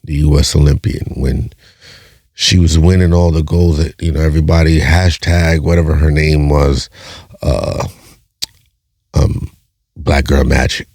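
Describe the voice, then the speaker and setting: Deep raspy dude ranting on his podcast, lots of "right?" questions, dry mic. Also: steady tone, a little slow, pauses often, darkish tone, no room sound. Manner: blunt, profane, preachy; rhetorical questions, repeats himself. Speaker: podcast host. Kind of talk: casual monologue.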